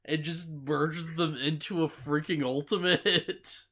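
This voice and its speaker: A man's voice: on the high side, steady tone, takes it slowly, sharp tone, a little hiss or hum. A man co-hosting a casual podcast, recapping anime episodes in a rambling way, full of "like" fillers and laughter. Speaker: podcast co-host.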